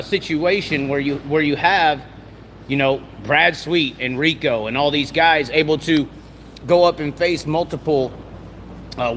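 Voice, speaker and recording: A man from the American South, just woken up and clearing his throat, rambles through casual racing commentary, repeating himself and leaning on folksy slang. His voice sits on the high side and sounds a bit bright, with a little hiss or hum in the audio.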